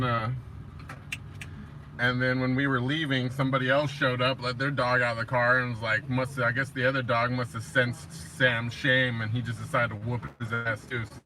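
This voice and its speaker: A man hosting a casual livestream, chatting loosely and swearing, sometimes talking to his dog in a high excited voice. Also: a little hiss or hum. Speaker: livestream host. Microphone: tablet built-in mic.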